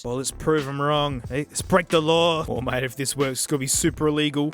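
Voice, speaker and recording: A young man giving a casual, comedic product review, excitable and mock-outraged, laughing often. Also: a little high, a little fast, few pauses. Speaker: tech YouTuber. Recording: faint music behind.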